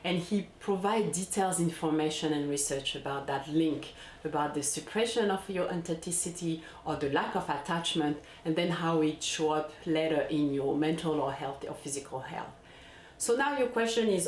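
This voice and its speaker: A woman with a low voice gives a reflective solo talk on parenting. She pauses and repeats herself as she gathers her thoughts. Her voice rings in an echoey room, with a faint hum of ambience behind it. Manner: thoughtful, repeats words while searching for them. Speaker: parenting channel host.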